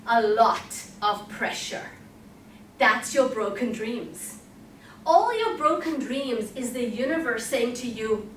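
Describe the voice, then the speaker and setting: A woman with a fairly high, lively voice speaks slowly, giving a motivational conference talk with emphasis and questions for the audience. She's recorded from a distance in an echoey hall of a conference room, with faint hiss.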